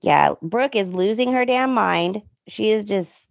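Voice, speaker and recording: Woman, casual podcast chat, animated retelling, dry dull audio. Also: mid-range voice, unhurried, vocal fry, no room sound. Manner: animated retelling, acts out characters' lines. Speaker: podcast co-host.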